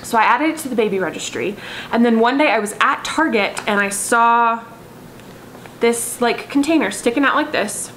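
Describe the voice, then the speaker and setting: A woman's voice: fairly high pitch, normal speed, a bit bright, a little hiss or hum, low-quality recording. A pregnant woman, chatting casually to camera in a rambling way. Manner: chatty, rambling, frequent "I was like" asides. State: heavily pregnant, has hiccups. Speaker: vlogger.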